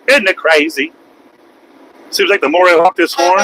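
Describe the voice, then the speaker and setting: A man's voice: fairly high pitch, normal speed, long pauses, pushed and bright, slight background noise, rough recording. A man, a truck driver, ranting on a casual livestream from his cab while driving, crude and taunting. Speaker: truck driver streaming live.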